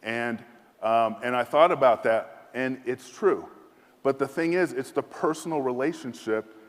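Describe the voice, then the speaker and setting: A man in his fifties giving a speech as a military leader, telling a self-deprecating anecdote in a lively way from a podium in a large hall. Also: medium pitch, measured pace. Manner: lively, self-deprecating storyteller who acts out quoted voices. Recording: echoey hall.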